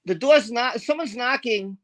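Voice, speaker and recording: A woman's voice: on the high side, a little slow. A middle-aged woman hosting a live stream in casual chat, greeting viewers by name in a chatty, scattered way.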